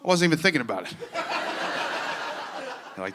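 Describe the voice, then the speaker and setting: A man's voice: fairly high pitch, big pitch swings, unhurried, long pauses, sharp tone. A man doing stand-up comedy in a wry, conversational way.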